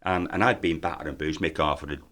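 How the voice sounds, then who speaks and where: A man in his fifties, a former footballer, telling lively anecdotes in a podcast interview and acting out other people's lines. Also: rumbling low, fast. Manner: lively storyteller who acts out voices in his tales.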